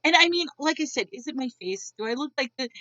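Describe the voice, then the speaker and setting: A woman vents to camera in a blunt, exasperated rant, swearing freely. Her voice is bright and forceful, pitched a little high. The sound is dull, lo-fi and dry. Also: animated, quick pace, no room sound. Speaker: vlogger.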